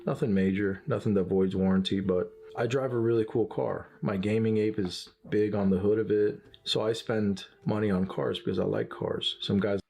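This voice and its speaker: A man chatting casually in a relaxed, matter-of-fact way. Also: lowish voice, normal speed, vocal fry, few pauses. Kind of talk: casual chat.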